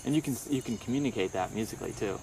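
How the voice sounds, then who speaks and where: Brief: young male musician, low-pitched, rambling and halting, casual podcast chat. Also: creaky, darkish tone, a little hiss or hum. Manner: rambling, halting, many restarts.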